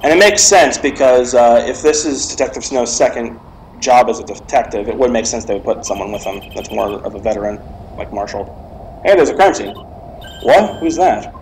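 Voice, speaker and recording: A man's voice: medium pitch, normal speed, slight background noise, rough recording. A young man hosting a let's play, reading the dialogue aloud and joking, with stumbles. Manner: animated and jokey, reads lines aloud with stumbles.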